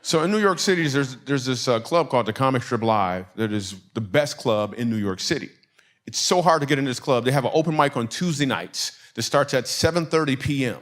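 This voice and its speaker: Animated man telling stand-up stories. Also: medium pitch, fairly quick. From Michigan. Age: adult. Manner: animated, acts out quoted voices, laughter in the crowd. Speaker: stand-up comedian. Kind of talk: stand-up storytelling set.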